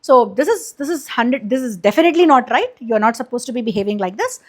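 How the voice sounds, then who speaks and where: A woman's voice: a little high, very animated, fast talker, darkish tone. A woman casually retelling an epic for kids, chatty and explanatory, with many fillers and restarts. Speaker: storyteller, channel host.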